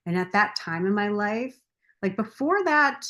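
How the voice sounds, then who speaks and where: A woman's voice: mid-range voice, lively intonation, a little slow, sharp tone. A woman podcast guest and coach telling a candid personal story, open and confessional, often quoting her past self.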